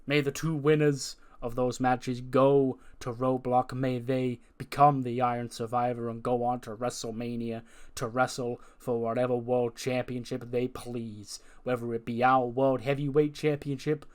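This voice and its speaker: A man's voice: medium pitch, flat delivery, normal speed, close to an everyday voice. A man doing a formal wrestling authority figure. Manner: formal, announcing. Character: male wrestling authority figure making announcements.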